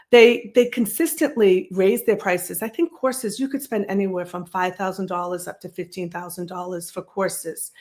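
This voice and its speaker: A woman hosting her own live stream, talking casually and rambling, with frequent restarts and asides to the chat. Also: mid-range voice. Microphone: streaming setup.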